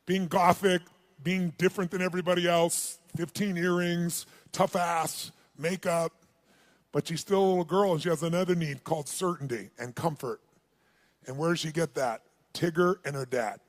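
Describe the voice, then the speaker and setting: Male seminar speaker, higher register, animated storyteller who works the room. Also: moderate pace. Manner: animated storyteller, calls out questions to the crowd. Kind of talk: live seminar talk with storytelling.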